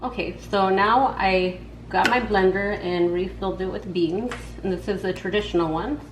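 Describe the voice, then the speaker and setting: A woman's voice: medium pitch, moderate pace. Chatty woman in an echoey kitchen. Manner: chatty, slangy, talks straight to viewers. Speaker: home cook host. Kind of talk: casual cooking vlog. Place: home kitchen at the stove. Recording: echoey room with background noise.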